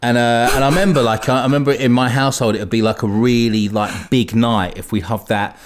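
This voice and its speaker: A man's voice: mid-range voice, fairly even intonation, fairly quick. A man co-hosting a podcast, rambling nostalgically in casual chat. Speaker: podcast co-host.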